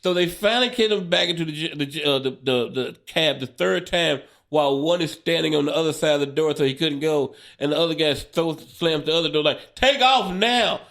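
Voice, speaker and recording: A man's voice: fairly high pitch, brisk, gravelly, few pauses, fairly bright tone. A man, a stand-up comedian, telling a profane road story in casual chat, laughing and acting out the people in it. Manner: acts out drunk friend in quoted voices.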